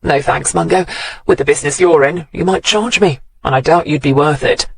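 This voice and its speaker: A man voicing a sharp, mocking female police inspector in an audiobook. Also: on the high side, fairly quick, creaky, breathy edge, no echo. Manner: mocking and cool. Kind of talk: audiobook character voice.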